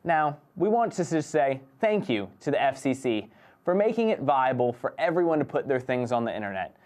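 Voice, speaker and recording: A man's voice: mid-range voice, big pitch swings, brisk, a little mellow. A man in his twenties hosting a comedy show, delivering sarcastic monologue and a mock-dramatic tall tale. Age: 20s.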